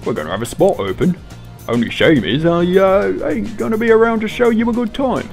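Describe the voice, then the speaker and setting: A man's voice: sits high, animated, fairly quick, gravelly, faint music behind, pitched above the performer's own voice. A man voicing a massive swaggering male demon with a West Country accent, talking in a boastful, taunting drawl. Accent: West Country English.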